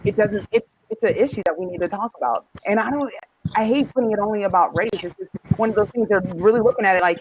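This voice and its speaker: A woman's voice: mid-range voice, quick pace, a little mellow, slight background noise, poor audio. A woman panelist speaking earnestly and a little hesitantly in a casual video-call panel discussion.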